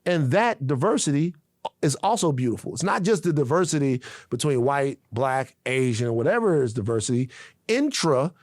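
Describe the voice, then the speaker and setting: A man's voice: medium pitch, very animated, moderate pace, darkish tone, no echo, studio quality. A man from the United States co-hosting a podcast, talking emphatically and repeating phrases for weight. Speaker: podcast co-host. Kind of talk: casual podcast discussion.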